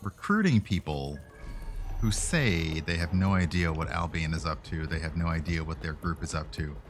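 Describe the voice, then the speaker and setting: A man's voice: rumbling low, moderate pace, faint music behind. A man streaming a video game, chatting casually and rambling, with frequent fillers and self-corrections. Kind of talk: casual gameplay commentary.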